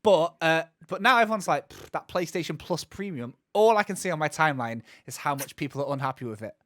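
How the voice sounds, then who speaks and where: A man's voice: fairly high pitch, quick pace, fairly bright tone, no room sound. Chatty man, dry close sound. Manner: rambling, many restarts and asides. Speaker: podcast co-host. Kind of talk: casual chat.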